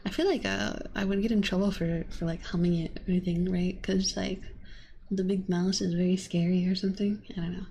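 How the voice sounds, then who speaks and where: A woman streamer chatting and rambling softly in an ASMR stream, often slipping into whispers. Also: fairly low pitch, fairly even intonation, quick pace, slight background noise. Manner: rambling and chatty, with many fillers; drifts into soft whispers. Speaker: VTuber streamer. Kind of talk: soft ASMR chat with viewers. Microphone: binaural ASMR microphone.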